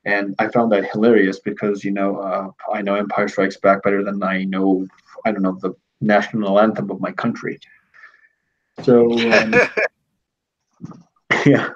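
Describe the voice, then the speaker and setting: A man from Greece with a low, husky voice hosts a casual livestream chat. He tells stories in a rambling, animated way. The stream audio is dull and lo-fi. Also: a little slow, long pauses. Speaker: host.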